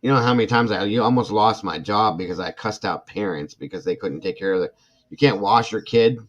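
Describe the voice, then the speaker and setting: A man's voice: fairly low pitch, fairly quick. Passionate, indignant man with a lo-fi sound. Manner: passionate, indignant ranting with repeated apologies. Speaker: true crime livestream host. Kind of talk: casual livestream talk reading chat. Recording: dull lo-fi sound.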